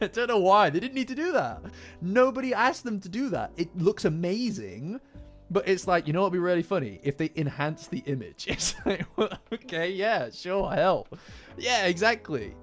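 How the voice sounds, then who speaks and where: A man hosts a casual chat about an anime episode, his voice swinging up and down with lively energy. He gets excitable, laughs a lot and stumbles over repeated words. Faint background music plays under his talk. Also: on the high side. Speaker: anime reaction host.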